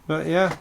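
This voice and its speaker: A man co-hosting a podcast, calmly recounting facts in casual chat. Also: slight background noise. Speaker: podcast co-host.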